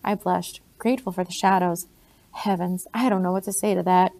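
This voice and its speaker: A woman narrating a novel in the first person with a steady delivery. Her voice is mellow and dark, with a gravelly texture. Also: lowish voice, a little fast. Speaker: audiobook reader. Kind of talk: reading a novel aloud.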